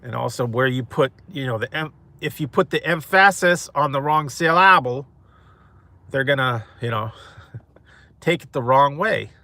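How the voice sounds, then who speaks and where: Rambling mukbang host, male, casual chat with viewers, bright tone, dry close sound. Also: medium pitch, moderate pace, vocal fry, no room sound. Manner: rambling, chuckling often.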